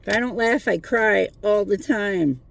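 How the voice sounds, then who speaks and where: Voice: mid-range voice, a little slow, creaky, a little hiss or hum. A tarot reader giving a casual spiritual pep talk from a parked car at night, mixing earnest encouragement with swearing and jokes. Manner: profane, joking, earnest encouragement.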